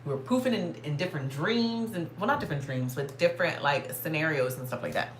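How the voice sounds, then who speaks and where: A woman vlogger telling a story in a casual, animated way, swearing and saying "like" constantly. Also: low-pitched, fast, echoey room, slight background noise. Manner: animated, profane, heavy filler "like".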